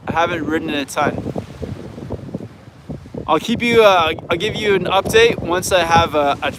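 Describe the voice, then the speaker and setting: A man's voice: a little high, moderate pace, background noise. A man with a Canadian accent hosting a live viewer Q&A, talking in an easygoing, frank way and thinking aloud. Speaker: snowboard coach and channel host.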